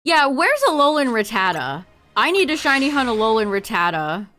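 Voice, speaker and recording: A woman's voice: fairly high pitch, big pitch swings, moderate pace, sharp tone, faint music behind. A woman streaming a game, chatting casually with her viewers, laughing often and trailing off mid-sentence. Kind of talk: casual livestream chat to viewers.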